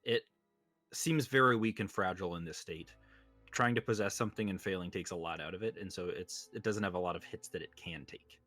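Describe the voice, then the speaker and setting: Male game master, very deep voice, hesitant narration, light music bed. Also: brisk, fairly bright tone. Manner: hesitant, with frequent ums.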